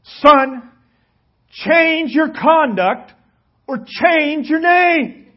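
Man doing a stern conqueror king, booming, slow, commanding, muffled lo-fi sound. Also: little pitch movement, gravelly, breathy edge. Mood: roaring. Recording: dull lo-fi recording.

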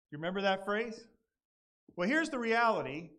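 A man's voice: high-pitched, very animated, normal speed, bright, forceful tone. A male pastor, preaching a sermon in an earnest, conversational way and reading scripture dramatically.

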